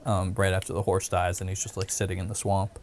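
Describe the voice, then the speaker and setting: A man's voice: deep voice, flat delivery, fairly quick, darkish tone, slight background noise. A man chatting casually while gaming, rambling through stories with frequent laughs.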